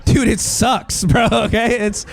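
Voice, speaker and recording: High-voiced rambling comic, self-mocking. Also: male voice, fairly even intonation, measured pace, creaky, background noise. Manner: rambling, self-mocking, laughs at own lines. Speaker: stand-up comedian, military veteran. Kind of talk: stand-up comedy set. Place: comedy stage with live audience.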